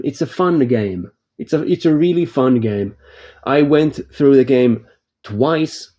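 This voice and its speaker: In this relaxed spoken game review, a non-native English-speaking man wanders through his thoughts, starts sentences over, and laughs readily. His voice is medium in pitch and a little mellow.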